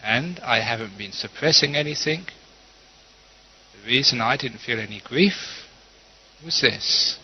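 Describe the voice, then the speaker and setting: A man, a Buddhist teacher giving a calm, storytelling dharma talk with gentle humor. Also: medium pitch, a little slow, pauses often, slight background noise. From London. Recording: dull lo-fi recording.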